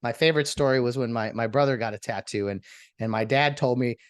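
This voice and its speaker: A man's voice: medium pitch, fast talker, clean tone, no room sound, clean studio sound. A man hosting his own podcast in a rambling, sarcastic solo monologue that jumps between topics. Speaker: podcast host.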